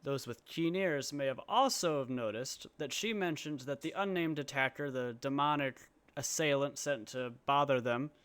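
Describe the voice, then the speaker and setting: A man's voice: mid-range voice, normal speed, a bit bright, clean tone, dry recording. A man giving sarcastic comedic voice-over commentary on a video, with mock-grand asides. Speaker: commentary YouTuber.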